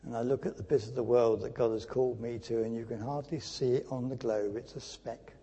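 An older man preaching a sermon in a church, telling stories with lively emphasis and dropping to a near whisper at times. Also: medium pitch, a little fast, breathy edge. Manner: animated storytelling with sudden drops to hushed speech. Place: church hall. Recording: long church reverb.

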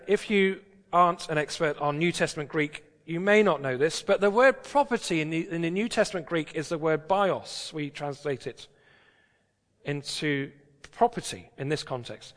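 A man's voice: fairly high pitch, fairly bright tone, long reverb tail. A British man preaching a sermon in a church, talking in a conversational, emphatic way with rhetorical questions.

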